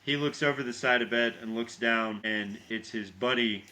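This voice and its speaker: Bright-voiced man recapping a horror film. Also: medium pitch. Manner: animated storytelling, quick asides seeking agreement. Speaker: podcast co-host.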